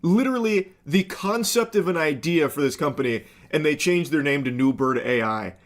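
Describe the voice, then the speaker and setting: A man with a somewhat higher voice gives sarcastic, casual commentary. He swears now and then and speeds up as he goes. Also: normal speed.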